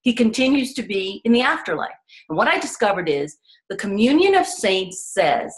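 A woman author is the guest on an interview and tells her stories with a lot of drive. She speaks earnestly and with emphasis, and she acts out the voices of the people she describes. Her voice sits at an ordinary middle pitch. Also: sing-song, moderate pace. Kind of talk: animated personal storytelling.

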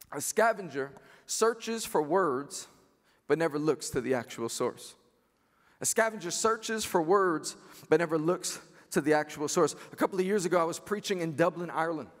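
A man's voice: on the high side, big-room sound. A pastor in his thirties preaching a chapel sermon with emphatic, repeated phrases. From New York. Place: university chapel.

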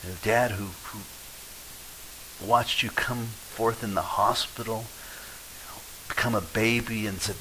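A man preaches a sermon in a lowish, bright, forceful voice. He acts out quoted people and swings from loud to hushed. A faint hiss sits under the recording. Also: poor audio. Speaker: pastor.

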